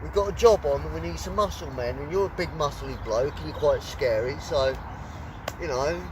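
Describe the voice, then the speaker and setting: Man doing a scheming male crook, persuasive, offhand, distant mic, loud outdoor noise. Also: a little high, moderate pace, voice pushed down, natural voice. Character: scheming male London crook offering work.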